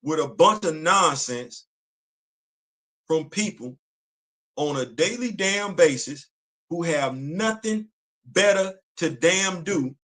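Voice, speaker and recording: Male live-stream host, bright edgy tone, emphatic ranting commentary. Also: high voice. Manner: emphatic, repetitive, street slang and rhetorical questions. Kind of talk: impassioned commentary. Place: home studio on a live stream.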